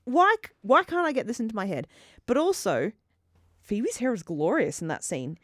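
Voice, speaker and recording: Lively, giggly woman podcast host. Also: a little high, moderate pace, dry recording, studio quality. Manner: giggly, animated, swears freely. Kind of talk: casual chat recapping a sitcom.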